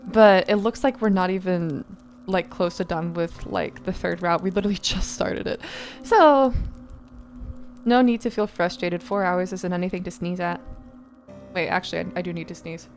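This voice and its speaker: A woman's voice: on the low side, steady tone, normal speed, soft background music. A tired young woman streamer chatting casually, rambling with lots of fillers and laughs.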